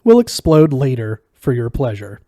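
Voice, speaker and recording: A man's voice: mid-range voice, big pitch swings, moderate pace, dark tone, no echo, studio quality. A man voicing a small, wizened green alien waiter who is coldly polite and a little sarcastic. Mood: prim politeness. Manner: prim, over-polite, clipped.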